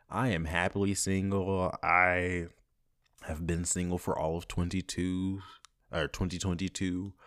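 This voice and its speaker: A young man hosting his own podcast, talking casually and swinging from soft, grateful reflection to loud, playful bursts. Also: deep voice. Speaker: podcast host. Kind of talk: casual solo podcast monologue.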